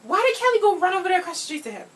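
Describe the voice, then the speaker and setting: A woman's voice: extremely high pitch, big pitch swings, racing, fairly bright tone, distant mic. A young woman co-hosting a casual TV recap, reacting expressively and laughing often. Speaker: co-host of a TV recap channel. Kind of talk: casual chat, TV episode recap.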